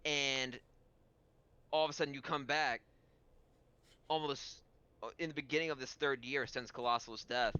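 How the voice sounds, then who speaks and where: A man's voice: mid-range voice, fairly even intonation, moderate pace, pauses often, sharp tone, clear, resonant tone, muffled recording. A man running a tabletop game as game master, narrating in a rambling, filler-heavy way.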